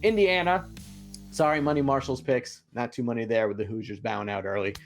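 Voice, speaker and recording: A man's voice: medium pitch, soft background music. A man co-hosting a bracket pool recap, joking around in casual sports banter. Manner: animated, jokey, quick asides.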